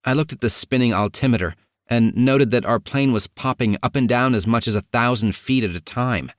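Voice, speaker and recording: A man narrating a first-person memoir audiobook in a measured, even reading. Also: mid-range voice, dry recording, clean studio sound.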